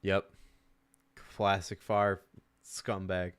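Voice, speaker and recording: A man with a low, smooth, resonant voice co-hosts a casual sports podcast. He talks loosely and swears freely, and the sound is dry and close. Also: flat delivery, very slow, fairly bright tone, dry recording. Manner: loose, profane, laughs often. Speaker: podcast co-host.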